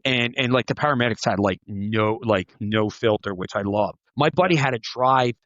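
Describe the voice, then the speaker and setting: A man's voice: fairly low pitch, normal speed, fairly bright tone, no room sound, muffled recording. A man, a former police officer, telling stories in a rambling casual chat, swearing and saying "like" and "dude" a lot.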